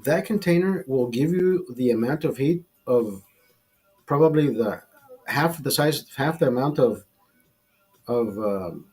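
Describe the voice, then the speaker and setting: A middle-aged man hosting a podcast, telling a profane, animated anecdote in casual chat and acting out the quotes. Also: mid-range voice, unhurried, husky, faint music behind. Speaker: podcast host telling a story.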